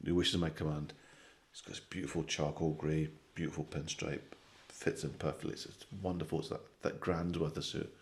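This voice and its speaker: Very deep-voiced man telling jokes. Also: brisk, hardly any pauses. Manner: animated storytelling, sweary, with frequent "right?" tags. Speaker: comedian guest. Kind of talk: casual podcast chat, telling jokes.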